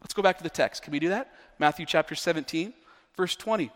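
A male pastor preaching a sermon with emphasis, often repeating words as he builds to near-shouting. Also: a little high, fast talker, long reverb tail.

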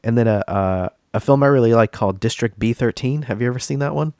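A man's voice: medium pitch, fast talker, a little mellow, dry recording, studio quality. A man hosting a casual gaming podcast, stuffy and congested from a cold, rambling with many fillers and restarts. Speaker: podcast host.

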